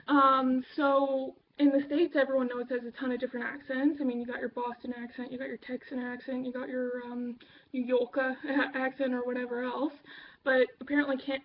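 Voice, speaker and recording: Casual Canadian vlogger, woman, high voice, offhand and rambling, slightly muffled computer mic with faint hum. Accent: Canadian English. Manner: rambling, full of ums and uhs, offhand. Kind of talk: casual chat to camera.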